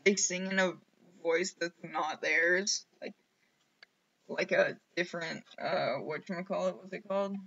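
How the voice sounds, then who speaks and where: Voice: mid-range voice, sharp tone, dull audio. A streamer rambling casually over gameplay, mumbling to themself and poking fun at themself, on a headset mic. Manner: self-mocking.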